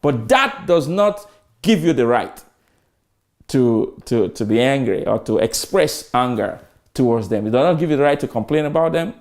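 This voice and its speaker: A man's voice: mid-range voice, lively intonation, moderate pace. A man in his fifties giving an emphatic customer service training lecture, full of rhetorical questions and repetition.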